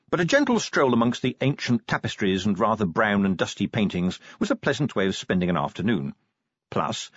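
Husky guy reading a funny fantasy audiobook, voice jumps all over, kinda muffled. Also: dry recording. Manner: dry, wry delivery with lively pitch. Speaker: audiobook narrator. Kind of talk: comic fantasy audiobook narration.

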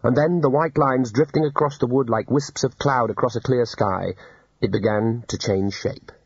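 A man reading an audiobook in a dry, unhurried storytelling manner. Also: mid-range voice, breathy edge, no echo, lo-fi sound. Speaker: narrator. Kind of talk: audiobook narration.

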